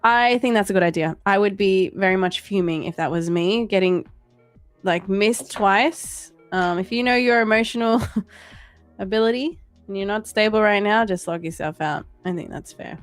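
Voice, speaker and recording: A woman's voice: mid-range voice, moderate pace, no room sound, faint music behind. A woman hosting a live trading stream in casual chat, playful, laughing often and reading viewer messages aloud.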